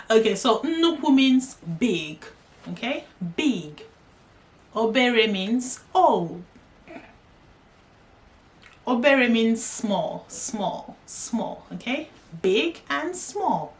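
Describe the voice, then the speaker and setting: Woman, patient language teacher, slightly high voice, unhurried delivery. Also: a bit bright. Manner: repeats words and asks "okay?". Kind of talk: slow vocabulary lesson.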